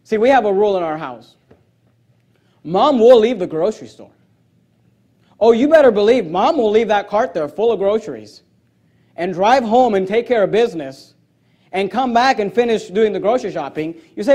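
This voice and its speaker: High-voiced emphatic male preacher. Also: animated, moderate pace, warm tone. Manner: emphatic, repetitive, building to raised exhortations. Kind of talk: sermon.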